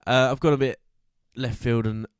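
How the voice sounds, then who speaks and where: A man co-hosting a football podcast, chatty and quick to laugh. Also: mid-range voice, steady tone, clean tone, no echo, clean studio sound. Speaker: podcast co-host. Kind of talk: casual football podcast chat.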